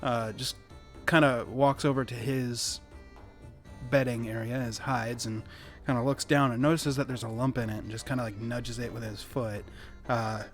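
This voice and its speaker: A man narrating as game master of a tabletop game, relaxed and rambling with many fillers. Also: mid-range voice, moderate pace, faint music behind.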